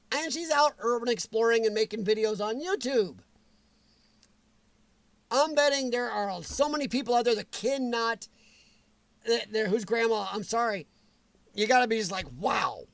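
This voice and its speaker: A man hosting a casual livestream, answering viewers' comments in a chatty, animated way with frequent chuckles. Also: extremely high pitch, a little slow, pauses often, no echo. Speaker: livestream host.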